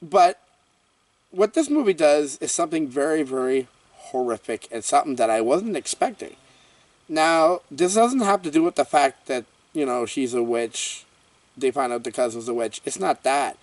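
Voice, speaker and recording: A man reviews a horror movie in a casual vlog, rambling excitedly with lots of exclamations and fillers. His voice sits a little high and swings widely in pitch. The sound is dry, picked up from a little distance off the mic. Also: normal speed, no echo.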